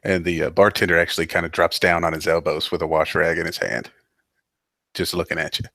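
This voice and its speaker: A man's voice: low voice, brisk, gravelly, sharp tone, no room sound. A man narrating as game master, rambling with lots of fillers and restarts.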